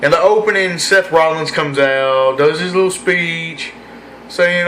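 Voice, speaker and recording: Excitable man reviewing wrestling, echoey room. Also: fairly high pitch, unhurried, a little hiss or hum. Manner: rambling, opinionated, excitable. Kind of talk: casual solo review vlog.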